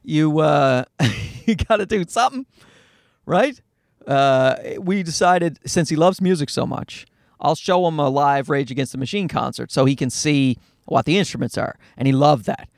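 A man records a solo podcast from his car in a parking lot, delivering a casual, rambling monologue of animated, foul-mouthed, self-deprecating tales about being a dad. He speaks at normal speed in a slightly high, creaky voice, and the sound is clean and studio-like with no echo.

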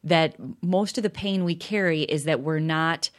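A woman's voice: low-pitched, measured pace. A middle-aged woman co-hosting a podcast with her husband, talking in a reflective, earnest way with frequent restarts. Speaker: podcast co-host. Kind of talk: casual conversation.

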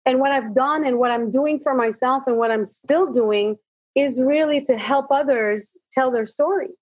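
A middle-aged woman, a motivational speaker appearing as an interview guest, tells her personal story with animated flair and acts out the dialogue. Her voice sits high and slightly rough at a normal speed. The recording is dry and sounds dull and lo-fi.

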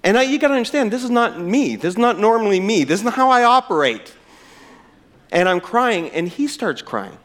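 A man's voice: high-pitched, sing-song, fairly quick, fairly bright tone. A middle-aged man preaching a sermon in church, telling a personal story in an earnest way and closing in prayer. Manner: earnest, storytelling, addresses listeners as friends. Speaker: pastor.

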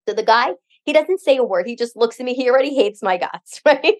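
A woman's voice: a little high, brisk, few pauses. Chatty woman telling a story. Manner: animated storyteller, chatty with many fillers. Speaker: podcast co-host. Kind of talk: casual chat, storytelling.

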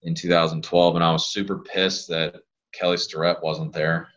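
Man, very low voice, casual podcast guest, rambling stories, dull lo-fi sound. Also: moderate pace. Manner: rambling, animated storyteller. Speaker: pelvic health physical therapist guest.

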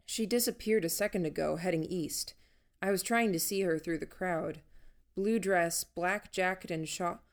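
A woman narrator voicing a quiet, watchful young man who reports what he sees in a hushed voice. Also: on the low side, normal speed, natural voice. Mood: urgent.

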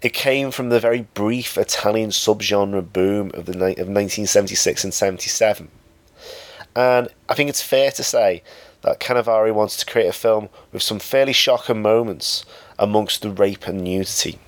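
A man's voice: fairly low pitch, moderate pace, no room sound. A man reviewing a film in a casual, hesitant way, with frequent ums and uhs. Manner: hesitant, many fillers.

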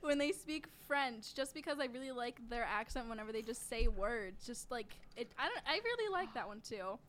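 A woman's voice: fairly high pitch, lively intonation, normal speed, fairly bright tone, slight background noise. A woman chatting animatedly on a podcast, laughing often and moving the talk along with questions. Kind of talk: casual chat.

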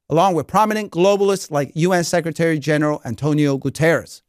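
Higher-pitched male podcast host. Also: no room sound, clean studio sound. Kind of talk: scripted monologue then casual chat.

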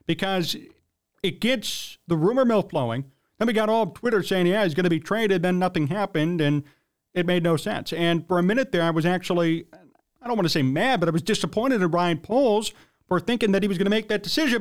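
Young male sports host, blunt and riled up, higher voice. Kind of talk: opinionated sports commentary.

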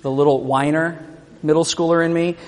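A male pastor preaches with a fairly high, animated voice. He tells the story with playful jokes and quick asides. His words trail off into a long church-hall reverb. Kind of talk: sermon.

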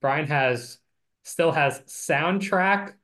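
A man's voice: a little high, extremely slow, fairly bright tone. A man co-hosting a casual film-review podcast, chatting loosely about a movie. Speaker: podcast co-host.

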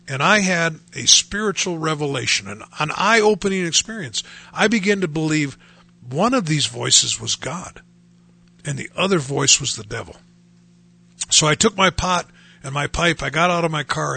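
A man's voice: a little high, vocal fry, bright, forceful tone, slightly rough. A man telling his personal faith testimony in a conversational way, acting out the voices he quotes. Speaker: speaker sharing his testimony.

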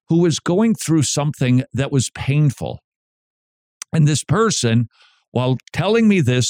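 Lively joking male radio host. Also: on the high side, no echo, studio quality. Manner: jokey, lively, acts out little scenes with voices. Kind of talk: animated radio talk. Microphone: studio mic.

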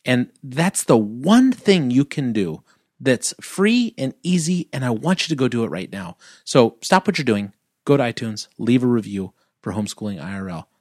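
A man's voice: mid-range voice, normal speed, no echo, studio quality. Joking male podcast co-host. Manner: jokey, animated, plugs with mock urgency. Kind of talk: casual podcast chat.

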